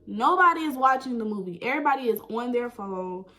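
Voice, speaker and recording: A young woman telling a personal story in a chatty, animated way, full of "like" and "right?". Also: a little high, brisk, faint music behind, poor audio. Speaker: vlogger. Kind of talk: casual storytime.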